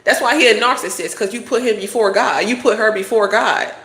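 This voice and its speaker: A woman's voice: medium pitch, brisk, fairly bright tone, roomy sound. A woman doing a casual tarot reading, talking bluntly with lots of swearing and preachy advice. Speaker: tarot reader.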